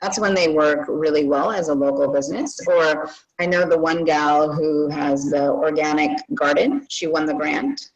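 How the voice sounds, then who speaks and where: A woman with a low-pitched voice, the guest expert on an online webinar. She explains casually and relaxedly, her speech peppered with fillers. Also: moderate pace, highs cut off.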